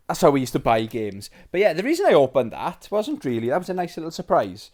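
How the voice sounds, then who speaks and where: A British man in his forties hosting a nostalgic show-and-tell about old games, rambling and chatty with plenty of fillers, excitable and sentimental. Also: a little high, fast, hardly any pauses. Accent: British English. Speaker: retro game collector host.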